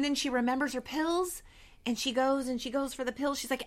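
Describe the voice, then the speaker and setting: A woman's voice: sits high, a little fast. A woman in her thirties co-hosting a podcast, chatting casually and acting out scenes in voices. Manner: animated, acts out scenes in voices. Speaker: podcast co-host. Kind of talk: casual chat recapping a TV episode.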